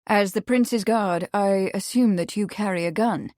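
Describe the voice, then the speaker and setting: Woman reading a kindly gentleman, measured and calm, dry close sound. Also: mid-range voice, no echo, close to an everyday voice. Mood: businesslike.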